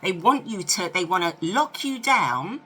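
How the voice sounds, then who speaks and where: Chatty, bright-voiced woman in her fifties. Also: fairly low pitch, measured pace, a little hiss or hum. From United Kingdom. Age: 50s. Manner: chatty, animated, asks rhetorical questions. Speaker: lifestyle vlogger. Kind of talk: casual storytelling to camera.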